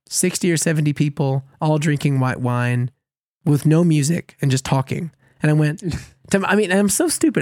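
A man co-hosting a podcast, telling a long story in a casual, animated way, laughing at himself often. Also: on the high side, no room sound, clean studio sound. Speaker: podcast co-host.

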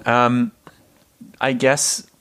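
A man interviewing a guest, asking gentle, curious questions in a halting way. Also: medium pitch, level tone, smooth, no room sound. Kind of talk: casual conversational interview.

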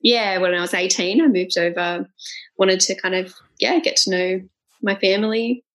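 A young woman, co-hosting a casual podcast chat, chatty and quick to laugh. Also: medium pitch, steady tone, fairly bright tone, poor audio. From Australia. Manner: chatty and giggly, mimics accents. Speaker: podcast co-host.

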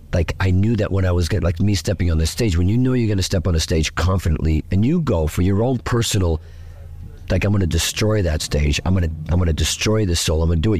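A middle-aged man, a guitarist, talking excitedly in a casual interview and acting out the voices of people he quotes. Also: deep voice, slightly rough. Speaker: guitarist interviewed after a festival gig. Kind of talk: animated casual interview talk.

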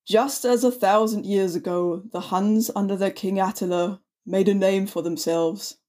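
A woman's voice: mid-range voice, steady tone, moderate pace, warm tone, lightly acted. A woman reading out a blustering male emperor's war speech in a declaiming, oratorical manner.

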